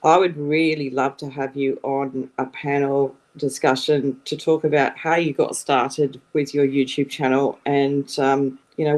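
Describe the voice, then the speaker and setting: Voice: medium pitch, a little mellow, low-quality recording. Panel guest, polite and wordy, casual livestream talk.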